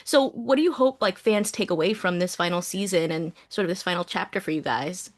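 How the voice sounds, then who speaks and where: A woman's voice: fairly low pitch, fairly quick. A woman interviewer asking actors questions in an upbeat, curious manner with frequent fillers.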